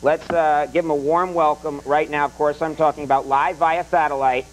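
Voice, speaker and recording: A man's voice: a little high, fairly even intonation, moderate pace, faint music behind, low-quality recording. A man hosting a late-night talk show, bantering and getting flustered while trying to keep a comedy sketch on track. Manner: flustered, repeatedly trying to regain control. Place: TV studio.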